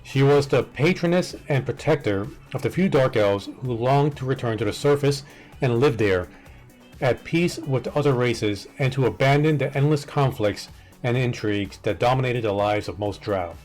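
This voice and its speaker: A man's voice: medium pitch, moderate pace, darkish tone, faint music behind. A man on a live stream reading a fantasy wiki entry aloud, tripping over the names and muttering exasperated asides.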